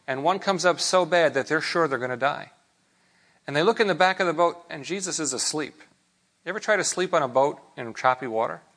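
Man, pastor, conversational sermon, slightly high voice, rhetorical questions. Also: fairly bright tone.

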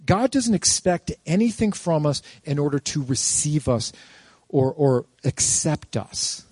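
A man preaching a sermon as pastor, lively and quizzing his congregation with rhetorical questions, breaking into playful jokes. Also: fairly high pitch, a little slow, slightly rough, dry recording.

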